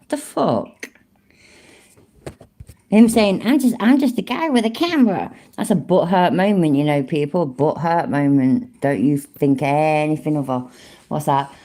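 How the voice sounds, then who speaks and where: British woman host, lowish voice with big swings, sweary and sarcastic. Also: dark tone. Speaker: reaction video host. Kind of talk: casual commentary reacting to a clip.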